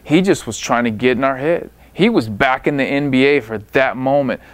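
A man, a basketball coach, telling a story in an animated way and acting out quotes in his own voice. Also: mid-range voice, moderate pace, no echo.

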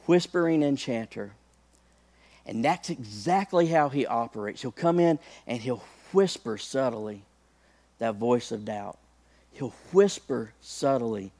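A man's voice: medium pitch, a little mellow. A male preacher delivering a sermon, talking conversationally to the congregation and building to impassioned peaks.

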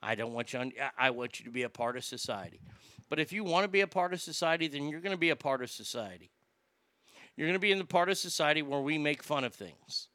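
A man's voice: on the high side, lively intonation, fast talker, bright, forceful tone, dry recording. A male comedian doing stand-up, with a profane, rambling ranting delivery.

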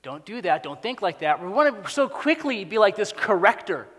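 A male pastor with a notably high voice delivers a sermon, swinging from hushed, intimate asides to loud, stacked exhortations. His words ring out with a long reverb from a large church hall. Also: big pitch swings, moderate pace.

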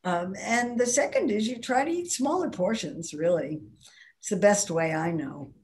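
A woman's voice: mid-range voice, lively intonation, moderate pace, a little mellow. An older woman, a nutrition professor, being interviewed and explaining her views in a wry, emphatic way. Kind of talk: conversational interview.

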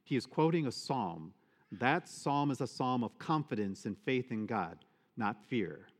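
A male priest giving a sermon, expressive and emphatic, often asking the congregation rhetorical questions. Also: mid-range voice, measured pace. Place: church. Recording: long church reverb.

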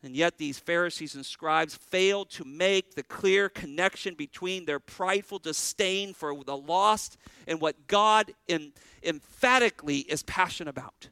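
A man's voice: a little high, unhurried, hardly any pauses, sharp tone, smooth, no echo, poor audio. A male pastor preaching a sermon, earnestly putting questions to his congregation.

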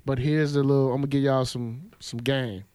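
A man of middle pitch who talks loose and easy, dropping slang and little jokes as he chats about the games. His voice sits close and dry, with no room sound around it. He keeps a relaxed, joking tone throughout. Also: fairly quick, clean tone, no room sound. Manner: laid-back, joking, slangy. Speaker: podcast co-host. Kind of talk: casual sports chat.

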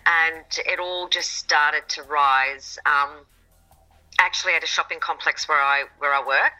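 A woman's voice: sits low, steady tone, a little slow, bright, forceful tone, soft background music, low-quality recording. A woman with an Australian accent, a guest chatting in a sassy, friendly, talkative way. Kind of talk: casual chat.

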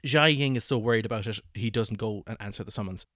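Animated man telling a history story. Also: on the low side, fast talker, no room sound, studio quality. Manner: animated, laughs often, acts out quotes. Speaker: podcast host telling history. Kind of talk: casual storytelling chat.

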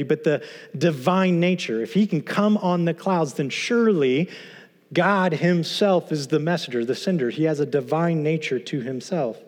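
A man teaching through a Bible passage, earnest and emphatic, posing rhetorical questions to his listeners. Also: fairly high pitch. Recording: long hall reverb.

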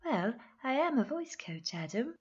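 An actress playing an earnest, instructive voice coach in a comedy panel sketch. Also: female voice, high-pitched, big pitch swings, measured pace, breathy edge, lo-fi sound, heavily acted.

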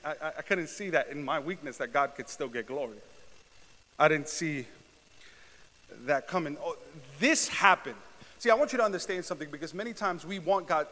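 A man preaching a sermon, talking back and forth with the congregation and building to loud, drawn-out shouted climaxes. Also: fairly high pitch, slight background noise. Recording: long hall reverb.

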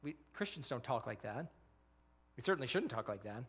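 A man's voice: mid-range voice, big pitch swings, brisk, a bit bright, slightly rough. A man pastor preaching a sermon in an earnest style, often repeating words and posing rhetorical questions.

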